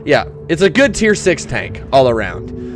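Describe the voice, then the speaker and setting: A young man commenting on his own tank gameplay in a put-on gruff voice, excitable and quick to whoop and laugh. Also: mid-range voice, over music. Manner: talks in a put-on gruff tanker voice. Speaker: gaming YouTuber.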